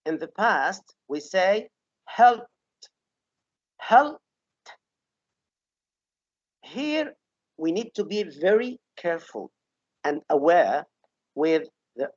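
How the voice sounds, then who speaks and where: A woman giving a webinar on English pronunciation repeats sample words with patience and keeps checking in with "okay?". Her voice is lowish and the recording is dry, with a dull lo-fi webinar quality.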